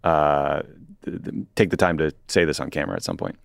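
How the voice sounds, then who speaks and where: A man's voice: rumbling low, fairly even intonation, a little fast, gravelly, no room sound. A man co-hosting a political podcast in casual chat, dry and wry, reading excerpts aloud with short asides. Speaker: podcast co-host.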